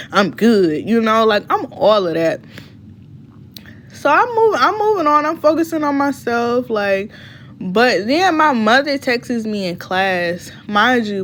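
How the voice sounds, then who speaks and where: A woman telling a storytime in a casual, blunt and profane way, her voice jumping high when she gets heated. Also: a little hiss or hum. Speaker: storytime vlogger.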